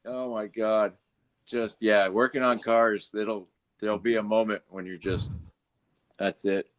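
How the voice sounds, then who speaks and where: A man's voice: fairly low pitch, flat delivery, unhurried. A man in casual chat, telling profane work anecdotes with laughter.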